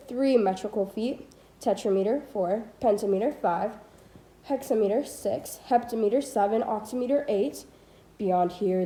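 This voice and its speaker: A woman's voice: fairly high pitch, dark tone, roomy sound, rough recording. A teenage girl reading a poetry textbook aloud, stopping to correct her slips and adding asides. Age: teens. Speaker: student reading a book aloud. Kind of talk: casual read-aloud of a textbook.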